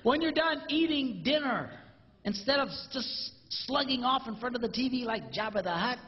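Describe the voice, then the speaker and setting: A man doing a stand-up comedy routine, animated and acting out spouses in mimicked voices. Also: extremely high pitch, normal speed, a little hiss or hum. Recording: roomy live hall, dull lo-fi sound.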